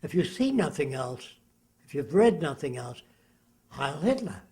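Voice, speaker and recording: A man in his nineties gives long, emphatic, preachy answers to an interviewer, repeatedly tossing rhetorical questions at the listener. His slightly high voice is mellow with a breathy edge, very animated, and moves at a moderate pace.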